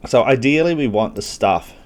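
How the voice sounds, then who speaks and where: A man's voice: mid-range voice, expressive, moderate pace. A man hosting a gaming channel, talking casually through a strategy game walkthrough, thinking aloud with self-deprecating asides while he has the hiccups. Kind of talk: gameplay walkthrough commentary.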